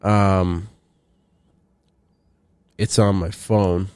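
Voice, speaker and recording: A young man hosting a solo comedy podcast, rambling and swearing in a loose, animated way. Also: low voice, extremely slow, smooth, dry recording. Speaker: podcast host.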